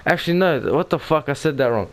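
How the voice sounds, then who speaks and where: A man's voice: a little high, quick pace. A teenage boy telling a personal story in a rambling, casual way, swearing constantly and restarting his sentences. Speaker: gaming channel host.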